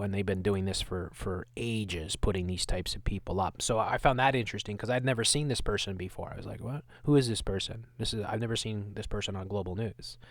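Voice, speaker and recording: A man's voice: on the low side, dry recording, clean studio sound. A man hosting his own channel, giving sarcastic, scornful commentary on news clips. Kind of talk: ranting video commentary.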